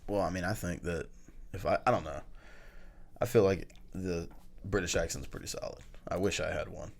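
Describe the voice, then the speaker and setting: A man's voice: low-pitched, fairly even intonation, moderate pace, vocal fry. A young Southern man hosting a college podcast, chatting casually with playful teasing. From Southern United States. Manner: loud laughs, playful teasing. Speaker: podcast host. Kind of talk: casual chat.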